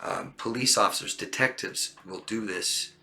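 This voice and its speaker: Speaking at normal speed in a fairly low, creaky, sharp-toned voice, a body language coach talks casually to the camera. He illustrates his points by performing brief liars' lines, raising his voice for them.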